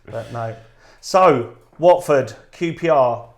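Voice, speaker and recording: A man's voice: mid-range voice, takes it slowly. A man hosting a casual podcast, joking and laughing easily with his guest. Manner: laughs easily, banters with swearing. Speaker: podcast host. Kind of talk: casual chat. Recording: echoey room.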